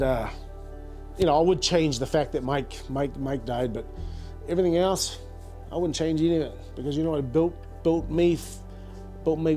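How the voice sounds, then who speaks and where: Kiwi guy, middle-aged, chatty and slangy, voice a bit high, some music underneath. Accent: New Zealand. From New Zealand. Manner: animated, slangy, repeats words. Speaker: guest, business founder. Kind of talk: casual interview storytelling.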